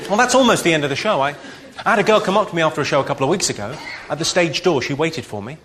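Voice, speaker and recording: A man performing a stand-up comedy set, delivering dry deadpan one-liners. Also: on the high side, racing. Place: live comedy venue. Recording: live show with loud background noise.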